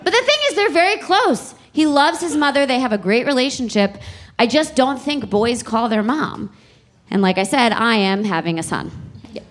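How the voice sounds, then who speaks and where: Lively young woman doing stand-up. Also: fairly high pitch, moderate pace. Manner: chatty, exasperated storytelling with playful emphasis. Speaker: stand-up comedian. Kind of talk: stand-up comedy set. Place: comedy club stage.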